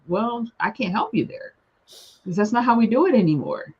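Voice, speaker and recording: A woman tells family stories in a casual, animated way, slipping into the voices of relatives as she goes. Her pitch sits in a middle range. The recording sounds a little dull and lo-fi. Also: moderate pace. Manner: lively storyteller who acts out family members' lines. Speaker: panelist sharing her experience. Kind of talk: casual storytelling chat.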